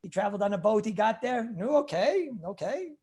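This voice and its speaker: A man, a rabbi, giving an informal lecture on Jewish law, telling anecdotes in an animated way, often repeating his phrases and clearing his throat. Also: high-pitched, a little fast.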